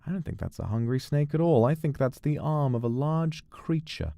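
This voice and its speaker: A playful male streamer reacting to a game, his pitch leaping around as he jokes and yells. He sounds close and dry on a streaming mic, with no room sound at all. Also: lively intonation, normal speed, creaky, no echo. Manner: playful, jokey, shifts into silly voices and yells. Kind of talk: casual gaming livestream commentary.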